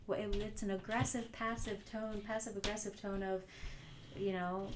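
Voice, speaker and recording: A woman's voice: medium pitch, steady tone, brisk, background noise. A woman hosting a solo motivational podcast, earnest and reflective, often repeating phrases for emphasis. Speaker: podcast host.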